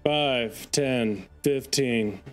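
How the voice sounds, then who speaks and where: A man serving as game master in a tabletop session, calmly tallying movement and describing what the enemies do. His voice sits at an ordinary middle pitch. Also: very slow, faint music behind. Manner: calm, counts out movement, narrates enemy actions.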